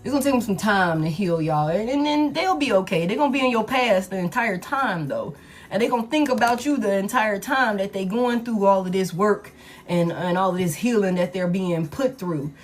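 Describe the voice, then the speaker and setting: A woman's voice: medium pitch, moderate pace. Blunt, profane woman tarot reader. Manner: blunt, profane, emphatic repetition. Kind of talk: casual tarot reading monologue.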